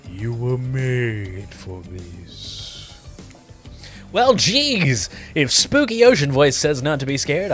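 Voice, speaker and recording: A man playing a dating sim as a gaming creator, reading the text aloud with playful, theatrical commentary. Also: a little high. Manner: playful, theatrical, laughs often. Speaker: gaming YouTuber.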